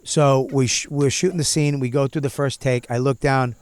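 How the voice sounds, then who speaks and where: A middle-aged man telling stories in casual chat outdoors, emphatic, saying "dude" often and getting loud. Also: medium pitch, fairly even intonation, moderate pace, smooth, no echo. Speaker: comedian podcast co-host. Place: outdoors in a tobacco field.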